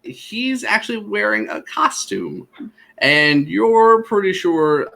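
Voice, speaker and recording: A man narrating as game master of a tabletop game, pausing often with fillers. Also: sits high, big pitch swings, vocal fry, sharp tone. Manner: halting, many fillers.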